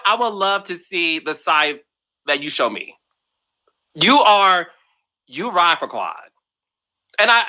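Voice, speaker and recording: A man's voice: high-pitched, pushed and bright, poor audio. A man hosting a podcast, playful and sassy, coaxing his guest with friendly advice. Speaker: podcast host and producer. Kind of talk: casual podcast conversation.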